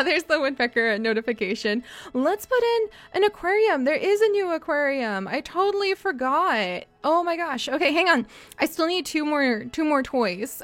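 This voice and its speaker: A young woman live-streaming a life-sim game, bubbly and excitable, gushing thanks to her chat. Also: high voice.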